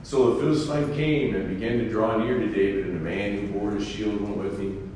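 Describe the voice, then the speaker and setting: A man preaching, reading scripture aloud and then commenting on it in a folksy, animated way. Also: fairly low pitch, brisk, slight background noise. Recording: echoey hall from far off.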